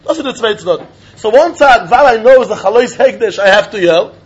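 A man teaching a Talmud lesson in an animated, sing-song way, often laughing. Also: sits high, fast, husky. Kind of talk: Talmud study lecture. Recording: dull lo-fi recording.

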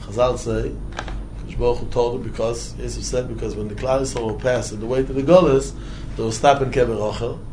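A man teaching a Torah class, rattling off verses in a rapid singsong and then explaining them with animated emphasis. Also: medium pitch, background noise. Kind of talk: Torah class mixing Hebrew chanting and English.

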